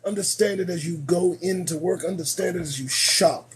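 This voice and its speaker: With a high-pitched voice that's giving out, a late-night commentary host talks at a moderate pace with hardly any pauses. He is emphatic and preachy, repeating lines for effect and veering between shouts and mutters.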